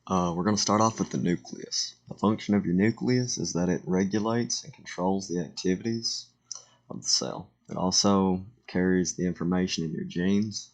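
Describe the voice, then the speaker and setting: A teenage boy giving a casual slideshow voiceover for a school presentation, halting and self-correcting, with joking asides. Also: deep voice. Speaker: student presenter.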